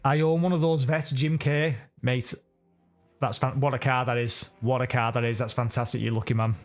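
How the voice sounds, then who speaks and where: Soft music sits under this male streamer's mid-range voice as he comments live on a racing game at a moderate pace. His delivery is flat, and his talk is chatty and meandering, full of self-corrections.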